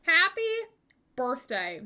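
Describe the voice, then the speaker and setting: A woman's voice: high voice, big pitch swings, takes it slowly, pushed and bright. A young woman streaming live, chatting with viewers in a bubbly, giggly way at a desk microphone. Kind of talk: casual live-stream chat.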